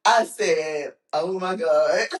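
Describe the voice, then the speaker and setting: A woman from Texas, a podcast guest, telling stories in a casual chat with frequent laughs and quoted voices. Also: slow. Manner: animated, laughs often, acts out quotes in a high voice. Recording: roomy echoing room.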